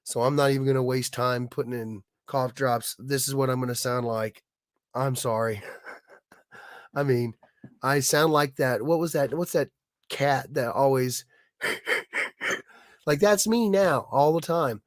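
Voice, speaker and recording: A man with a hoarse, raspy voice from being sick, chatting casually on his livestream and stumbling over restarts. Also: medium pitch, no echo, clean studio sound. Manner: halting, many restarts and fillers. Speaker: livestream host, illustrator.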